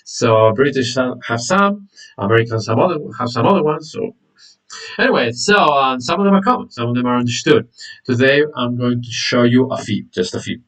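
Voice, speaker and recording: Upbeat repetitive English teacher, mic distant. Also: male voice, mid-range voice, animated, a little fast, a bit bright. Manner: repeats words, many "okay"s and fillers, greets viewers by name. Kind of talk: live online lesson, chatting with viewers.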